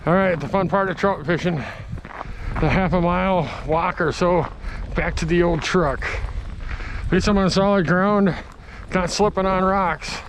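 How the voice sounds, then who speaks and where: A chatty man talks to the camera outdoors beside a creek, rambling and getting excited. His voice sits a little higher than most men's, with faint noise behind him. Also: unhurried, pauses often. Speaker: fishing vlogger. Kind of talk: casual outdoor vlog chat.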